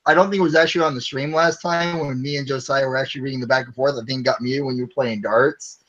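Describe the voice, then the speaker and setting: A man's voice: medium pitch, fairly even intonation, fast, fairly bright tone, dull audio. An American man hosting a livestream, chatting in a playful, theatrical way and laughing often. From United States. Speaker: stream host. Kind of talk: casual group chat on a livestream.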